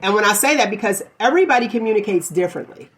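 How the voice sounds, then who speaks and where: During a casual talk-show debate, a female podcast host presses her argument emphatically, repeating phrases like a refrain to hold the floor. Her mid-register voice has lively intonation and a rapid-fire delivery, with slight background noise.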